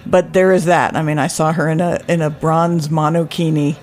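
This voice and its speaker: A woman's voice: low voice, flat delivery, moderate pace, a little mellow. A woman, a guest author, chatting and telling stories, laughing often. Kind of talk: casual chat, storytelling.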